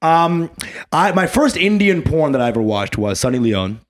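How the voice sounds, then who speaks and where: A young man from Bangladesh co-hosts a comedy podcast in loose, crude banter. His pitch swings widely and sits a little high, and he laughs often. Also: sing-song, normal speed. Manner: crude, laughing, slips into loud mock voices. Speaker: podcast co-host. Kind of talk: casual comedy chat.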